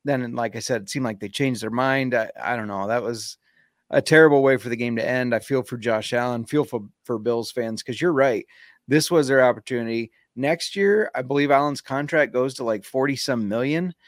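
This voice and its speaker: Male co-host, mid-pitched, steady and opinionated, casual cursing, dry close mic. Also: no room sound. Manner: measured, opinionated, casual swearing. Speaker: podcast co-host. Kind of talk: casual podcast chat.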